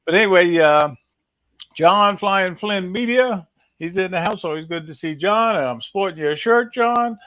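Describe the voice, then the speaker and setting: Higher-pitched man with a dry, close sound. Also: moderate pace, fairly bright tone, dry recording. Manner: upbeat, greeting viewers one by one. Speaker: co-host. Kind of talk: casual livestream chat.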